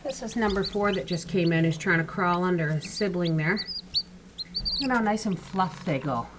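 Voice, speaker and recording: A woman on a home vlog, cooing baby talk at newly hatched chicks between plain, unhurried remarks to her viewers. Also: on the low side, noisy background.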